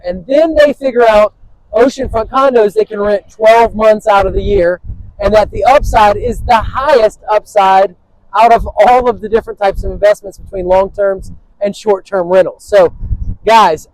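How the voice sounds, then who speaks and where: High-voiced upbeat man hosting. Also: darkish tone, poor audio. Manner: upbeat salesy, repeats phrases. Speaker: host and real estate agent. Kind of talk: interview and property walkthrough.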